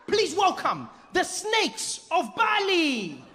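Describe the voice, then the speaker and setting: A man acting out an excitable male Balinese tour guide who announces with showy flair during a stand-up set. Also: very high-pitched, slow pace, heavy background noise, pitched above the performer's own voice, heavily acted. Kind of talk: stand-up comedy act-out. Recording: echoey live venue with faint ambience.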